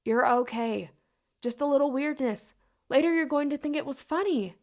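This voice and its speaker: Woman reader as a coaxing, soothing sister, loud and lifted, light gravel, audiobook. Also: high-pitched, normal speed, pitched above the performer's own voice.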